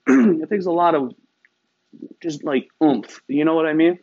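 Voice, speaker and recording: A man's voice: on the high side, lively intonation, unhurried, creaky, warm tone. A man from Iran telling a story in a wry, emphatic way, often adding rhetorical tags. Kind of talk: casual storytelling. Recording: slightly dull, lo-fi sound.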